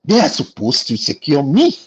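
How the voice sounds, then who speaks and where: A man's voice: fairly high pitch, huge pitch swings, normal speed, breathy edge, highs cut off. A man with a Nigerian accent in a casual panel discussion, telling an indignant story and acting out the exchanges.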